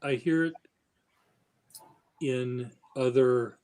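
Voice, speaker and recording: A man hosting a casual stream chat, speaking slowly and haltingly in a flat, even tone. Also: mid-range voice, poor audio. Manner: slow, halting, self-described monotone. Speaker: stream host.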